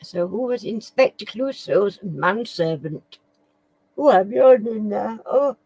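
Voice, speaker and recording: A woman's voice: mid-range voice, lively intonation, slow pace, dark tone, breathy edge, no echo, low-quality recording. A woman hosts a casual live quiz. She reads questions aloud, stumbles over words, and chats with viewers by name. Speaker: live stream quiz host.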